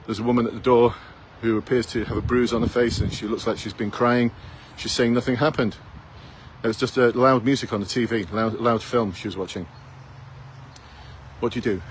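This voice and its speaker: A blunt man in his fifties speaks to the camera in an ordinary middle pitch, coaching would-be police recruits through a string of challenging rhetorical questions. The recording is rough, with faint town sounds and passing traffic outdoors.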